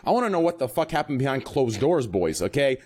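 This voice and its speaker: A man hosts a loose group podcast in a mid-pitched voice. He jokes crudely and keeps saying "dude" and "listen". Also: sing-song, quick pace, darkish tone. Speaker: podcast host. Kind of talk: casual group podcast chat.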